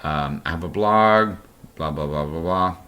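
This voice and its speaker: A man's voice: deep voice, a little slow, bright, forceful tone. A middle-aged man hosting his podcast, telling a story in a blunt, profane, rambling way after a few drinks. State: has been drinking. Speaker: podcast host. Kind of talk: storytelling monologue.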